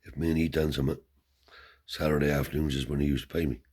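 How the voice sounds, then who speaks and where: A man's voice: rumbling low, level tone, fast talker, a little mellow, slightly rough. A man telling a family story in a rambling, casual way, slipping in Romani cant words and tag questions. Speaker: storyteller and channel host.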